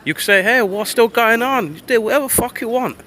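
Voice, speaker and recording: A man's voice: very high-pitched, animated, moderate pace, pushed and bright, slight background noise, pitched above the performer's own voice, exaggerated voice. A man voicing a blunt, mocking male Russian official who talks in a coarse, taunting way. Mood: gloating.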